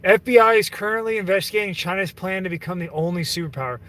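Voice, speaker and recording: Talking fast in a high, fairly bright voice, a man reads chat during a casual livestream rant. His speech rambles and is profane, packed with fillers and restarts, and he is recorded from a distance.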